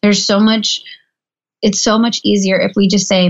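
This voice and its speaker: A woman's voice: medium pitch, level tone, normal speed. A woman and mother talking earnestly in a casual podcast chat, full of "like" fillers. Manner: chatty, earnest, many "like" fillers. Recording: dull lo-fi sound.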